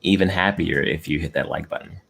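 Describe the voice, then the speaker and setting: Deep gravelly man chatting on a live stream. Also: brisk, a bit bright. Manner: laid-back, greets chat viewers, chuckles often. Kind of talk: casual live stream chat while eating. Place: room at home with air conditioning. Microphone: desk mic close up.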